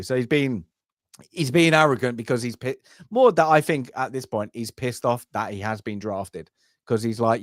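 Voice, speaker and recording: A man's voice: mid-range voice, normal speed, no echo, studio quality. A man co-hosting a casual film review podcast, rambling and acting out lines from the movie. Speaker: podcast co-host. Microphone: home podcast mic on a live stream.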